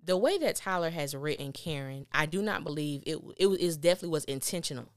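Low-voiced woman recapping a TV episode. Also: quick pace, dry recording, studio quality. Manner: animated, exclaims and acts out characters' lines. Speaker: TV recap podcaster. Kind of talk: casual TV episode review.

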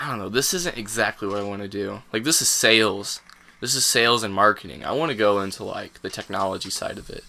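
A young man co-hosting a casual chat, easygoing and agreeable, answering with quick yeahs. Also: fairly low pitch, sharp tone.

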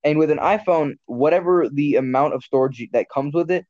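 A man's voice: a little high, a little fast, darkish tone, dry recording. Casual podcast host, male, blunt rambler, dry lo-fi sound. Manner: rambling, self-correcting, blunt and profane. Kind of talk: casual chat. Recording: dull lo-fi sound.

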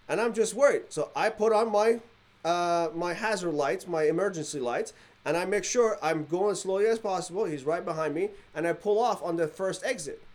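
A man from the Middle East telling a story in casual podcast chat, animated and acting out quoted dialogue. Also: sits high.

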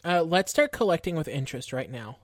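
A woman's voice: low-pitched, sing-song, brisk, no room sound. A woman co-hosting a podcast, adding dry, sarcastic quips in casual chat. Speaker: podcast co-host.

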